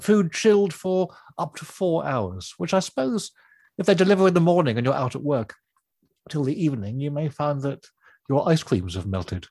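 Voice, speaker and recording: A man's voice: fairly high pitch, expressive, normal speed, a little mellow, husky, no echo. A man bringing news items to a radio show, chatting casually in a wry, quibbling way in a studio.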